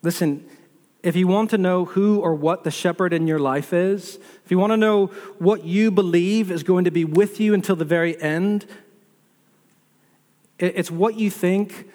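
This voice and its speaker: Guy preaching a sermon, high voice, keeps repeating lines and asking the crowd questions, big echoey church hall. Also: unhurried, long pauses, a little mellow. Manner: repetitive, rhetorical questions to the listeners. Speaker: pastor. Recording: long reverb of a large hall.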